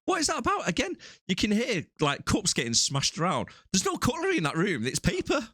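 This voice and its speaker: A man co-hosting a movie podcast, telling scenes with amused, lively chat. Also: high voice, fairly quick, over loud music. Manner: animated, amused storytelling. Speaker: podcast co-host. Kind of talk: casual movie review chat.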